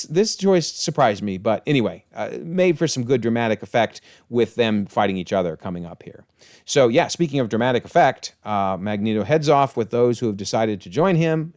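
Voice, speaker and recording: A man's voice: mid-range voice, a little mellow, no echo, clean studio sound. A man giving a casual, enthusiastic episode breakdown, chatty with frequent exclamations and chuckles. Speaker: TV episode reviewer.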